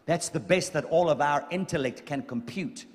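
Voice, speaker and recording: A man preaching a sermon emphatically, repeating phrases and swinging from quiet to loud. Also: on the high side, normal speed. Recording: long hall reverb.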